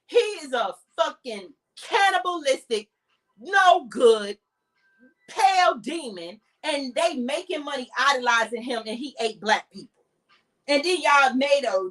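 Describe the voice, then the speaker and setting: Heated, high-voiced woman ranting off-mic. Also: expressive, measured pace, fairly bright tone, distant mic. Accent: African American English. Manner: blunt, heated, profane ranting. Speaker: podcast host. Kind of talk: impassioned monologue.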